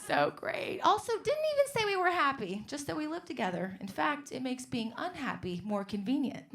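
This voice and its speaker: A woman's voice: high-pitched, big pitch swings, normal speed, creaky. A young woman from Northern California doing a stand-up set, sarcastic and teasing the audience. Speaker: stand-up comedian. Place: comedy club stage.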